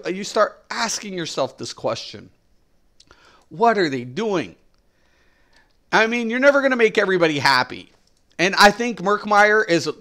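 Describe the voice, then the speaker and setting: A man's voice: high-pitched, bright, forceful tone. A middle-aged man streaming games, ranting with exasperation, repeating his points emphatically and swearing as he talks to his viewers. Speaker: game streamer.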